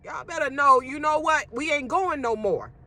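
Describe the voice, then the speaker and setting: Brief: outspoken woman ranting straight to camera, bright, high and emphatic. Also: moderate pace, dry recording. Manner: emphatic, blunt, profane. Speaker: social media commentator. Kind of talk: ranting monologue to viewers.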